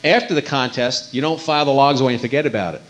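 An amateur radio contester gives an informal instructional talk, conversational and folksy, often repeating his words. His mid-range voice moves at a quick pace. The dull lo-fi recording carries a little hiss or hum.

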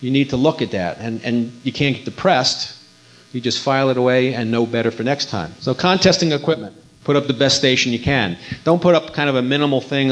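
A man giving an informal instructional talk, conversational and folksy, often repeating his words as he goes. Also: mid-range voice. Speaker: amateur radio contester giving a talk. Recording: dull lo-fi recording.

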